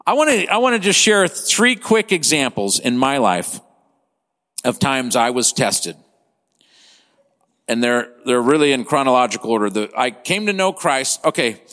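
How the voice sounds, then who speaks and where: A man in his fifties preaching a sermon as pastor, impassioned, swinging between loud and hushed delivery. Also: medium pitch, lively intonation, normal speed. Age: 50s. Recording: long hall reverb.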